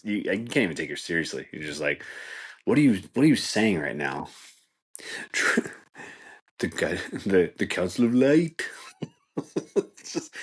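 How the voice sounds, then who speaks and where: A podcast host with a low, slightly bright voice rambles through a laid-back comedic monologue. He uses "dude" and "like" constantly and laughs at his own jokes.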